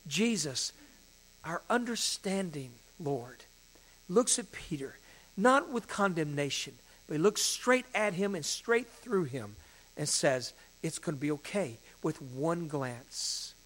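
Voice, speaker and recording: Man, pastor, dramatic sermon, fairly high voice, hushed to emphatic. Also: very animated, takes it slowly.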